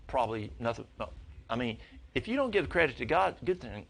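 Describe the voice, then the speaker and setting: Gravelly older man telling stories. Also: brisk. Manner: folksy storytelling, voice jumps high when excited. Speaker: lay speaker at church. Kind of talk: storytelling talk to a congregation.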